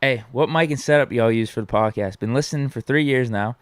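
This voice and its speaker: A man co-hosting a casual sports podcast, chiming in briefly in a low-key way. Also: fairly quick, no room sound, studio quality. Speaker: podcast co-host.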